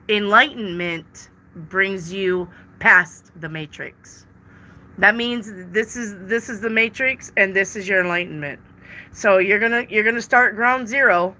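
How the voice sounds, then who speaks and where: A bright, forceful, mid-range female voice reads tarot during a live stream. She repeats viewer questions aloud and answers them emphatically, doubling up words for stress in a casual chat style.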